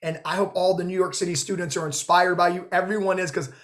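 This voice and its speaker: A man with a high voice hosts a video call interview. He gushes with praise, full of fillers and emphatic encouragement. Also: fairly even intonation, quick pace, fairly bright tone. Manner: effusive, gushing, filler "like" and "girl". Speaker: host, notary trainer. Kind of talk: emotional interview chat.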